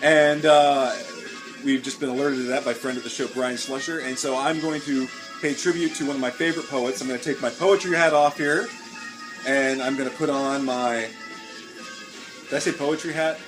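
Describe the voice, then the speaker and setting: A man's voice: on the high side, fairly even intonation, moderate pace, music in the background. A man hosting a comedy sketch show, rambling and joking in a mock-pompous manner.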